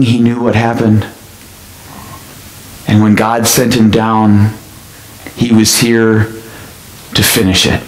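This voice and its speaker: Male pastor, mid-pitched, lively storytelling sermon, roomy church sound with faint noise. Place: church sanctuary.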